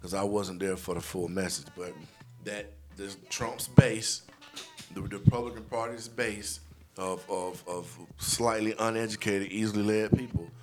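A man's voice: fairly low pitch, steady tone, a little slow, darkish tone, faint music behind. A man co-hosting a casual podcast, talking in long emphatic opinions full of "you know" fillers. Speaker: podcast co-host.

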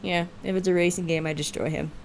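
Speaking fast in a lowish voice with vocal fry, this young woman co-hosts a podcast and keeps things casual. She's an animated storyteller who laughs often and acts out voices, and there's a slight hiss or hum in the background.

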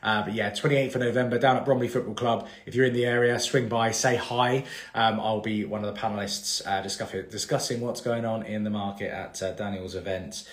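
A man's voice: on the low side, fairly even intonation, fairly quick. A man, hosting a casual live-stream Q&A about mortgages and rambling through fillers and restarts. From England. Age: 30s. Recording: echoey room.

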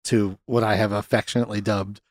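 A man's voice: lowish voice, level tone, fast, no room sound, studio quality. A man talking casually as a podcast guest, laughing often and retelling scenes with quoted lines. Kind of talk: casual movie review chat.

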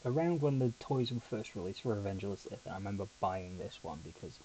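Mellow low-voiced man rambling on a podcast. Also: animated, quick pace, slight background noise, rough recording. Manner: rambling, chatty storytelling with asides. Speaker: podcast host. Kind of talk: casual solo podcast chat.

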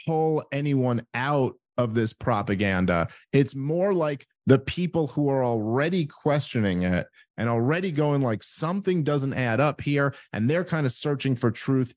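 A man speaking as a guest in a casual conversation, animated, acting out his own inner thoughts as he talks. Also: mid-range voice, dry recording, studio quality. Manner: animated storyteller, acts out inner voices.

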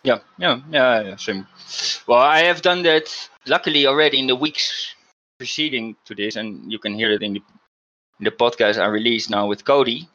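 A man's voice: mid-range voice, normal speed, bright, forceful tone, highs cut off. A man hosting a podcast, telling a story in a casual, emphatic way with frequent restarts. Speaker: podcast host.

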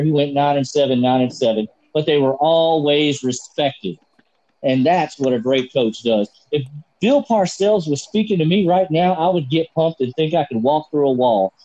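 Man, somewhat high voice, mellow tone, heated profane rant, sports debate, dull lo-fi podcast audio. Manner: passionate, profane ranting. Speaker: podcast co-host.

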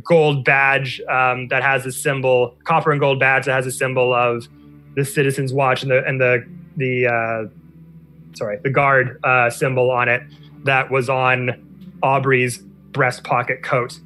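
A man's voice: mid-range voice, little pitch movement, a little slow, pushed and bright, soft background music. A man as game master, narrating a tabletop game in loose, meandering fashion.

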